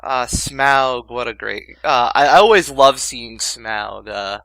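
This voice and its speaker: A young man chatting on a movie commentary, halting and stammering through his points. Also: medium pitch, creaky, sharp tone, no room sound, low-quality recording. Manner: halting, stammers and restarts, laughs at himself. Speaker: commentary co-host. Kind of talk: casual movie commentary chat.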